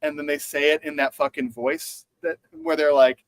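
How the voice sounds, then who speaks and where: A man co-hosting a casual chat show, animated and sarcastic, swearing freely. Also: on the high side, normal speed, hardly any pauses, no room sound, rough recording. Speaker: podcast co-host.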